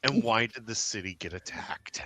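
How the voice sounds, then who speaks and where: A man narrating as game master of a tabletop game, theatrical and fond of shouted sound effects. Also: lowish voice, moderate pace, no room sound.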